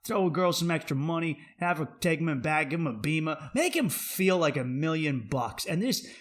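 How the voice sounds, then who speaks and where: A podcast host rants in a brash, profane, animated style. He swears freely as he goes, and his voice sits a bit higher than most men's. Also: normal speed. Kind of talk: comedic podcast rant.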